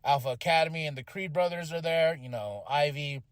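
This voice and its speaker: A man's voice: on the high side, brisk, smooth, no room sound, clean studio sound. A man hosting a podcast, casually recapping a wrestling show, swearing freely and acting out the wrestlers' lines. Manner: animated, swears freely, acts out quotes. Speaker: podcast host.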